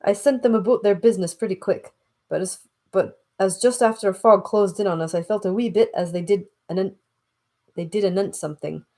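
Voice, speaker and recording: A woman reading aloud and voicing a gruff middle-aged male sea captain with a Scottish accent, rambling in thick dialect. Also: mid-range voice, fairly quick, warm tone, close to an everyday voice. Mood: stubborn. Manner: folksy, rambling dialect storytelling. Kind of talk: audiobook reading.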